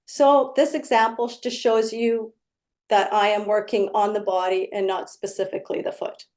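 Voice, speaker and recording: A woman's voice: medium pitch, little pitch movement, normal speed, a little mellow. A woman energy healer explaining her work in casual conversation, telling client stories and acting out their exchanges. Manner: storytelling, acts out client exchanges.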